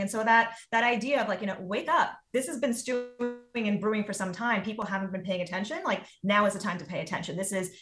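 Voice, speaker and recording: A woman in her forties talks as a guest in a relaxed conversation. Her pitch sits in the middle range. She is animated and keeps slipping into little acted-out versions of her own reactions. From United States. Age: 40s. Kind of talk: casual conversation.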